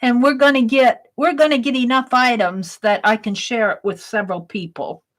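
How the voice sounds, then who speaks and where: A woman hosts a casual art livestream and tells a rambling story while she crafts. Her voice sits a little high. She talks warmly to her viewers and giggles often. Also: fairly even intonation, normal speed, rough recording. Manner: chatty and rambling, warm toward viewers, frequent giggles.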